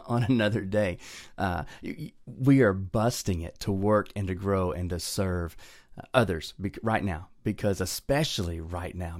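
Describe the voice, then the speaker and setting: A man's voice: sits low, a little mellow, no room sound, clean studio sound. A middle-aged man, hosting a motivational podcast in an earnest, heartfelt, conversational way. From Southern US. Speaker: podcast host.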